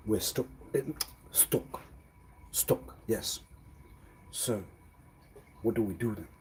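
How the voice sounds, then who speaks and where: A man on a live stream rambling in a disjointed monologue, arguing back and forth with himself and repeating words, swinging from quiet mutters to loud exclamations. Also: fairly low pitch, gravelly, a little hiss or hum. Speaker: livestreamer.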